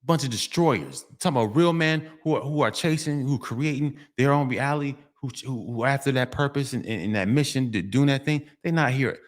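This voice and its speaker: A man's voice: medium pitch, a little fast, hardly any pauses. A middle-aged man, delivering a street monologue vlog, preachy and repetitive, often breaking into sing-song refrains. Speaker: vlogger.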